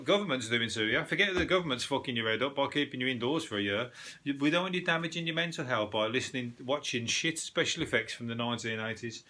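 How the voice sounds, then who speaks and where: An English man hosting a solo comedy podcast, rambling through the news in a dry, deadpan way, swearing freely and restarting his sentences. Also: medium pitch. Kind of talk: solo topical comedy rant.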